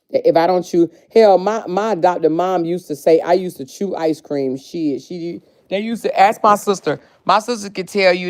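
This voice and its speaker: A woman hosting a casual livestream, chatting with viewers and reading their comments in an animated, salty way, with lots of "child" and "baby.". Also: on the low side. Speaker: livestream host.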